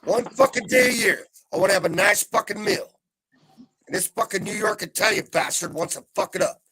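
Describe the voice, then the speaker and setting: A middle-aged man on a live video call, venting in a heavily profane rant that swings between calm and yelling. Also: high-pitched, brisk, gravelly, husky, no echo. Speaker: panel guest. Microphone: video call mic.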